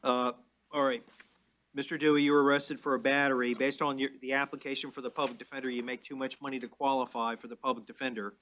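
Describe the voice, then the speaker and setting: A man presiding as judge in a courtroom, explaining orders in a measured, plain way. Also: medium pitch, flat delivery, a bit bright. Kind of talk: courtroom proceedings.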